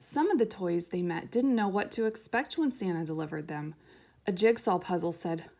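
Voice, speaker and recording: A woman reading a children's picture book aloud in a gentle, soft, unhurried way. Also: lowish voice, expressive. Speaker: storyteller.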